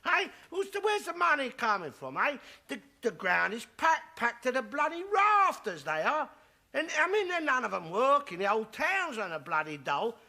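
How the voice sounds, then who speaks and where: An actor playing a bigoted, loudmouthed older football fan, blustering and shouting in a studio sitcom. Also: male voice, very high voice, very animated, moderate pace, exaggerated voice. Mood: ranting. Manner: blustering, shouting, self-satisfied ranting. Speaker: sitcom character.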